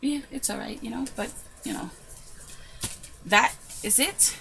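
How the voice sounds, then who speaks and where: A woman crafting vlogger telling a story in a casual, excitable way, recorded in her room at home. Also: on the high side, measured pace, gravelly, a little hiss or hum, low-quality recording. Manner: chatty, excitable, retells with quoted asides.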